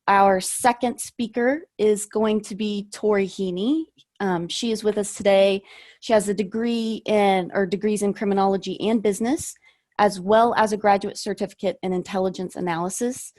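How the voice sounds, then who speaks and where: A woman's voice: mid-range voice, fairly even intonation, a little mellow. Woman moderator introducing speakers. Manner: measured, with occasional fillers.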